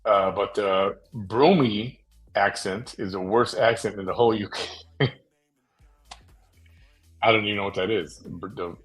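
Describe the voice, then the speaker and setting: A man hosting a late-night talk show, chatting casually in a rambling way with many fillers and pauses. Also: on the low side, slightly rough, soft background music, poor audio. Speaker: podcast host.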